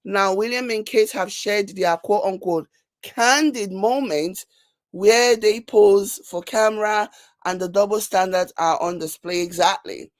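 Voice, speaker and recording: A woman with a Nigerian accent hosting a casual commentary show, reading viewer comments and mocking them with animated, repetitive emphasis. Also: medium pitch, unhurried, dry recording. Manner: animated, laughing, mocking, repeats herself for emphasis. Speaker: commentary channel host.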